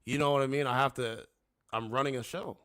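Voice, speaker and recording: A man's voice: mid-range voice, fairly even intonation, brisk, a bit bright, no room sound. A man hosting a casual livestream from his home studio, rambling and repeating "you know what I'm saying". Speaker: livestream host. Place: home studio with two monitors.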